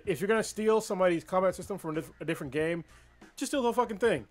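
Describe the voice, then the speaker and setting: Fast-talking blunt man on a podcast. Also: high voice, animated, soft background music. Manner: blunt, swears freely. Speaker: podcast co-host. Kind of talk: casual chat.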